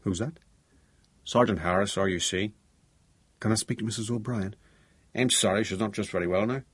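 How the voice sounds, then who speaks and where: A man's voice: lowish voice, moderate pace, a bit bright, slightly rough, dry recording. A man voicing a clipped, guarded police sergeant with a Belfast accent, answering the phone in an audiobook.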